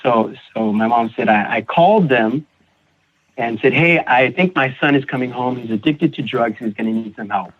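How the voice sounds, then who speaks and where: A man guest on a recovery podcast, telling his personal story in a halting way, repeating words and acting out what others said. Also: medium pitch. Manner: halting, repeats words, acts out quoted voices. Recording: tinny phone-like audio.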